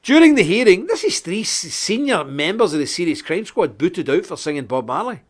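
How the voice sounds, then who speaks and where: A man's voice: sits high, sing-song, fairly quick. A middle-aged Scottish man hosting a live online show, ranting indignantly with sarcastic asides. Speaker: host.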